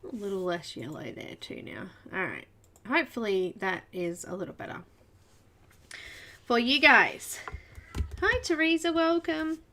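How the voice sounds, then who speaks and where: Australian woman, livestream host, casual chat, fairly high voice, unhurried pace. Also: big pitch swings, bright, forceful tone. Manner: chatty, greets viewers by name, chats to her cat.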